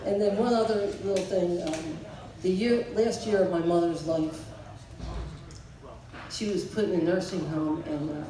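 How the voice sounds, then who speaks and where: A man in his sixties giving a tribute speech for his brother, telling stories in a halting way, with fillers and chuckles. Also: high voice, fairly even intonation, a crowd in the background. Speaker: family member giving a eulogy. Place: memorial gathering in a large hall. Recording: echoey hall from far off, noisy.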